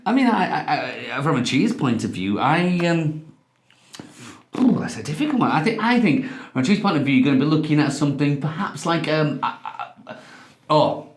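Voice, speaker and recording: A man's voice: a little high, big pitch swings, normal speed. A man co-hosting a casual wine-tasting chat, hesitant and full of restarts, laughing easily. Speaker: wine review co-host. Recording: echoey room.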